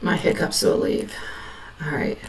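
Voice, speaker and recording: A woman's voice: unhurried, echoey room, recorded from a distance, rough recording. A woman giving a live tarot reading, speaking tenderly and reassuringly and calling listeners sweetheart. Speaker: tarot reader.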